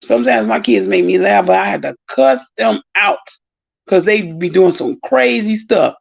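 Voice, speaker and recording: Middle-aged woman ranting on a live stream, super gravelly husky voice, dull lo-fi sound. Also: mid-range voice, normal speed. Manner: animated, exclaiming, long-winded. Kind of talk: casual storytelling monologue.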